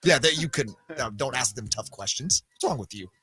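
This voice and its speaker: A man co-hosting a sports radio show, bantering and teasing in a casual, animated way. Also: mid-range voice, brisk, slightly rough, no room sound.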